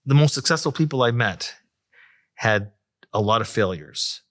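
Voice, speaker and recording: A man's voice: mid-range voice, animated, normal speed, fairly bright tone. A middle-aged man, an economist, telling a story from his career in a chatty interview, full of fillers and restarts. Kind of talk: conversational storytelling.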